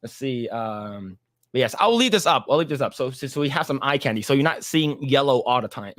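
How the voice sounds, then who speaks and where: A man's voice: mid-range voice, animated, fairly quick, a bit bright, dry recording. Man, chatty, rambling host. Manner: rambling, laughs often. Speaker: podcast host. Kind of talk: casual livestream chat.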